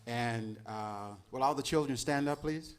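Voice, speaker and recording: A man addressing a gathering, announcing a chant and pausing often with filler sounds. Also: medium pitch, smooth. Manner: halting, with many "uh" pauses. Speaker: gathering leader. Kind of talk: announcement to an audience.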